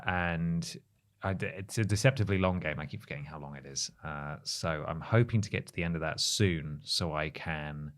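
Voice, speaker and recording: A man, co-hosting a casual gaming podcast, chatty and wryly exasperated. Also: deep voice. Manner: chatty, exasperated ranting, wry. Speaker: podcast co-host.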